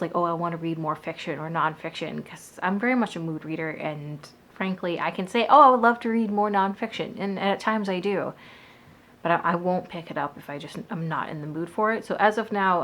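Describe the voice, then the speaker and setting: Chatty woman book vlogger, lowish voice. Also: slight background noise. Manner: chatty, hedging, self-correcting. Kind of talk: casual chat. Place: Boston area.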